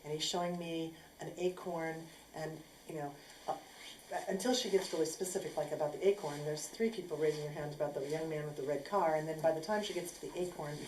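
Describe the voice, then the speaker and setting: A woman telling a personal story casually, acting out what people said in an animated way. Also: sits low, a little fast. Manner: animated, acts out quotes. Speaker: speaker sharing a personal story. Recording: echoey room with faint noise.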